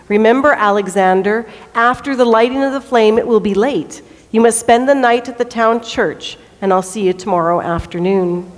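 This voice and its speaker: A gentle, loving mother from a storybook, as a woman reader takes on her lines, tender and soft-spoken. The voice sits fairly high and carries the long echo of a church. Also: normal speed, hardly any pauses, close to an everyday voice. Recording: echoey church hall.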